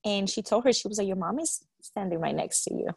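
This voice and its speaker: Casting: woman, chatty storyteller, mid pitch, dry close mic. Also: fast, creaky, husky, no echo. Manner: animated storyteller, quotes others, swears, laughs. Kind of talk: casual storytelling chat.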